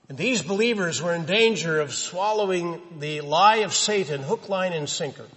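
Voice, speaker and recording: Preacher guy, bit high voice, emphatic sermon, echoey church hall. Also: fairly bright tone. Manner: emphatic preaching, quoting scripture.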